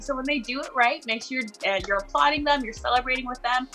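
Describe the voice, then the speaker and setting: Bright upbeat woman mentor. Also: high-pitched, fast talker, faint music behind. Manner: upbeat, encouraging. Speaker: online teaching mentor. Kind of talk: instructional video chat.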